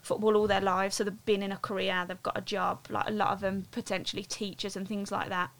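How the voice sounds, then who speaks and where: A woman's voice: medium pitch, flat delivery, a little fast, gravelly. A woman, chatting casually as a podcast guest, loose and full of fillers. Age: late 20s to 30s. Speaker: guest footballer and coach.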